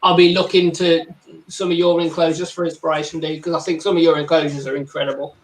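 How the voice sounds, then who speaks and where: A man's voice: a little high, level tone, fast. A man, chatting casually with restarts and stories. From West Midlands, England. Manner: chatty, storytelling, stammering restarts. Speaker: tarantula keeper and channel host. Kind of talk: casual chat on a video call. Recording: noisy background hiss.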